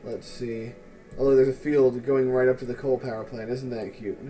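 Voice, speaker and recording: A man's voice: medium pitch, level tone, moderate pace, dark tone, faint music behind. A man casually commenting on his city-building game in a wry, sarcastic, musing way. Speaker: let's play host.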